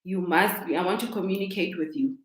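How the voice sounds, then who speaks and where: A chatty woman with a South African accent and a lowish voice talks a little fast, hosting a casual live stream as a coach through a laptop microphone in an echoey room. She repeats herself and greets viewers warmly.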